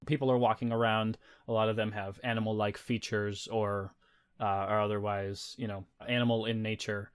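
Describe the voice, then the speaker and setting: A man's voice: lowish voice, level tone, moderate pace, clear, resonant tone. A man acting as game master, narrating a tabletop game with descriptive, teasing narration.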